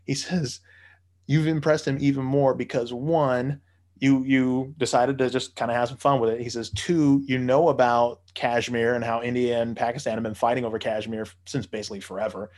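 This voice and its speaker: Brief: male raconteur, mid-range pitch, swears freely, laughs through his own anecdotes. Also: flat delivery, moderate pace, a little mellow. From United States. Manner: profane, laughing, mimics people in quotes. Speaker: podcast storyteller. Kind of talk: casual storytelling.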